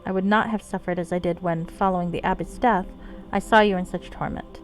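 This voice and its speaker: A woman's voice: lowish voice, fairly even intonation, fairly quick, soft background music, close to an everyday voice. Woman reading as a devoted loyal knight. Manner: formal, earnest courtly speech. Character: devoted male knight companion, loyal and earnest.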